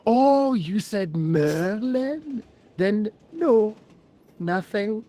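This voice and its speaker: A woman voicing a genteel older woman traveler in a video game, dry and quietly teasing. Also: mid-range voice, animated, very slow. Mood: dry amused.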